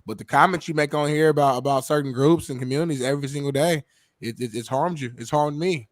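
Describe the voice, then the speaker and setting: Quick-talking earnest male co-host. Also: on the high side, no echo, clean studio sound. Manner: earnest, hesitant restarts. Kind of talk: casual podcast chat.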